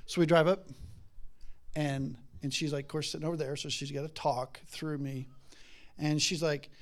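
A man's voice: fairly high pitch, little pitch movement, moderate pace. A middle-aged man preaching a casual sermon, chatty and rambling, laughing often and acting out voices in his stories. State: has a daughter.

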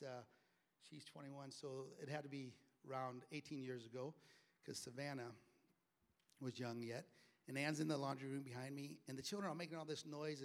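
A man's voice: medium pitch, vocal fry. A middle-aged man preaching a sermon in a conversational way and acting out the voices of people he quotes. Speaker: pastor.

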